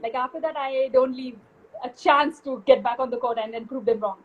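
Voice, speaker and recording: A basketball player from India joins a live video call interview as a guest, candid and self-assured and quick to laugh. Her voice is high and fairly quick, and the audio sounds dull.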